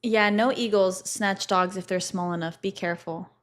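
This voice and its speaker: A woman's voice: mid-range voice, steady tone, normal speed, fairly bright tone. A young woman livestreaming, casually telling stories to her chat, swearing freely and laughing often.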